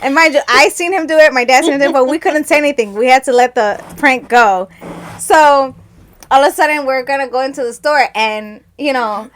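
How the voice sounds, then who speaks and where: Brief: chatty woman co-host, slightly high, acts out family quotes. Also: fairly quick, a bit bright. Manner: rambling storyteller, laughs often, acts out relatives' lines. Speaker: podcast co-host. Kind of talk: casual chat.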